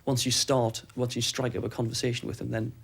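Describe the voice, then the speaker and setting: A man's voice: mid-range voice, little pitch movement, fairly quick, creaky, slightly rough. A man, a former military airman, recounting events in a documentary interview in a matter-of-fact way.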